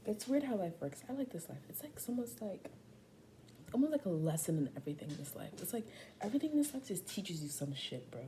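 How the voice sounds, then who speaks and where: Young woman, casual profane vlog chat, warm low voice, faint background hiss. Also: quick pace. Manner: profane, animated storytelling with slangy asides. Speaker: vlogger.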